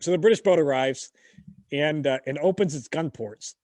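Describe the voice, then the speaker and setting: Male podcast co-host, lively and profane storyteller, slightly high voice, dry sound. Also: moderate pace, dry recording. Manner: animated, swearing, jumps into shouted impressions. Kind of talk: casual history chat.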